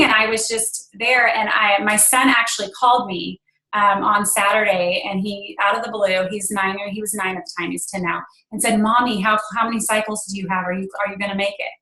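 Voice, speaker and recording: A woman's voice: medium pitch, bright, forceful tone, echoey room, rough recording. A woman in her thirties, a guest speaker on a team call, telling a personal story in an earnest way with many fillers. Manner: earnest, emotional at times, filler-heavy.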